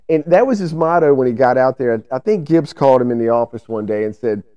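A man co-hosting a podcast in casual banter, his pitch swinging lively as he rambles through stories. His voice is mellow and dark, recorded close and dry. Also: fast, smooth, no echo, highs cut off. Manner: loose, laid-back storytelling with profanity. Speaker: podcast co-host.

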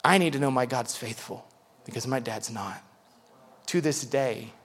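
A man's voice: mid-range voice, measured pace, a bit bright. A man preaching a sermon in an earnest, conversational way, often checking in with "right?" and "okay?". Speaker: pastor. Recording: long hall reverb.

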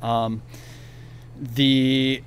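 A man at a middle pitch tells a story on a podcast, casual and animated. He laughs often and slips into quoting other people's lines. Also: drawn-out words, smooth. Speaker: podcast guest.

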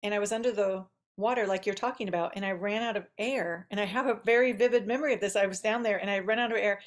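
A woman in the middle of her natural pitch range tells a personal story on a podcast. Her talk is chatty and loose, full of asides, and she laughs often as she goes. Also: fast. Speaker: podcast host. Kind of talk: casual storytelling chat.

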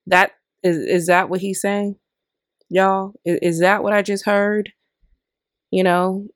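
A woman's voice: medium pitch, steady tone, takes it slowly, no echo, studio quality. A woman hosting a podcast, delivering an opinionated commentary rant full of exasperated rhetorical questions. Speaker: podcast host.

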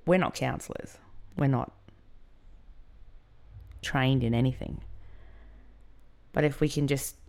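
A woman's voice: rumbling low, steady tone, slow, gravelly, pauses often, a little mellow. A woman hosting a podcast, candidly telling a personal story in a conversational way. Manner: candid and conversational, with many fillers. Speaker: podcast host.

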